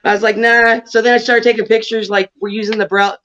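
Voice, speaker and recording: A woman's voice: on the high side, flat delivery, fast talker. Brash, profane woman on a lo-fi line. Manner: brash, profane, loud, laughs at herself. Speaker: guest, wrestler. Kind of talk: casual storytelling chat. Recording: dull, lo-fi sound.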